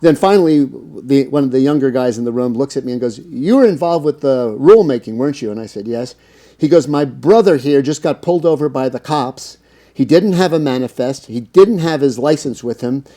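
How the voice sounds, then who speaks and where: A middle-aged man from the United States tells stories as an interview guest, with a dark, mellow tone and a medium pitch. He rambles easily through his anecdotes, stacking up fillers and restarts. He slips into other people's lines as he quotes them. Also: fairly quick. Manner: anecdotal, lots of fillers, acts out quoted dialogue. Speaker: interview guest, cannabis business owner. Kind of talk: casual storytelling interview.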